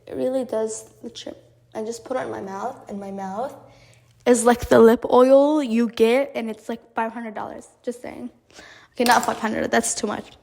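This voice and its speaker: A woman's voice: on the high side, fairly even intonation, normal speed, creaky, darkish tone. A young woman hosting a podcast, chatting casually and rambling, with many fillers and restarts, talking straight to her listeners. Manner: talks directly to listeners as guys. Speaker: podcast host. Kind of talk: casual chat.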